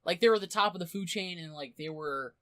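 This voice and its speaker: A woman's voice: on the low side, brisk, no room sound. A young woman co-hosting a podcast, retelling a story in casual chat and acting out the characters' lines. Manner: animated plot retelling, acting out quotes. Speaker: podcast co-host.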